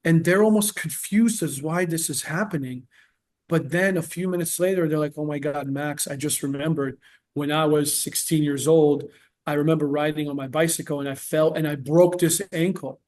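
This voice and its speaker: A man's voice: a little high, fairly even intonation, normal speed, a little mellow. A man working as a therapist, talking in a casual interview and explaining earnestly with patient examples.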